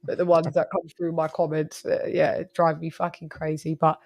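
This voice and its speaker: A woman's voice: deep voice, completely flat delivery, normal speed, darkish tone. A woman hosting a casual boxing talk stream, chatty and swearing freely. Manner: chatty, swears freely, lots of "you know what I mean". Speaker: boxing show host. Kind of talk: casual live-stream chat.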